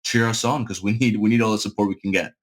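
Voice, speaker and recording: A man from the United States, a guest on a podcast, chatting in a relaxed, easygoing way. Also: on the low side, fast, a little hiss or hum. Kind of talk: casual podcast chat.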